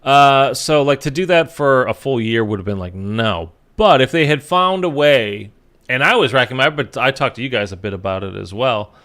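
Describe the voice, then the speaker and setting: A man's voice: mid-range voice, lively intonation, normal speed, a bit bright. A man talking casually to his viewers about a game as a YouTuber, rambling with lots of fillers and the odd swear, tired from little sleep. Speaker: gaming YouTuber.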